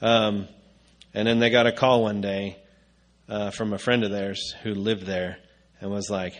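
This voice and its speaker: A man's voice: on the low side, little pitch movement, measured pace. A man preaching a conversational sermon, casual and rambling with frequent filler sounds.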